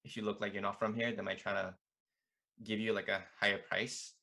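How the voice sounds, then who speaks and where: A man's voice: fairly low pitch, brisk, creaky. A young man casually teaching a beginner language lesson as a student club tutor, chatty and loose with lots of fillers. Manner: relaxed, chatty, many fillers like "like" and "you know".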